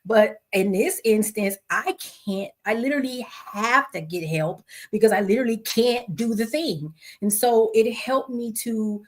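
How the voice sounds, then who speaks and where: A woman's voice: measured pace, hardly any pauses. Woman telling a personal story. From Los Angeles area. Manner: conversational, acts out quotes with pitch swings. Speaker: podcast host. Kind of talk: personal storytelling, casual talk.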